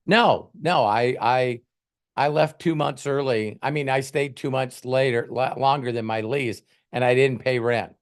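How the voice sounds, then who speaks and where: A man's voice: medium pitch, unhurried, natural voice. A man playing a flustered, whining courtroom litigant who stammers excuses.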